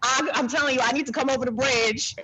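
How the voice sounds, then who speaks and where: A woman in her thirties from New Jersey doing a blunt, animated stand-up set, talking to the audience like a friend. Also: high-pitched, fast talker, background noise. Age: 30s. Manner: blunt, animated, conversational, repeats herself. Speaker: stand-up comedian.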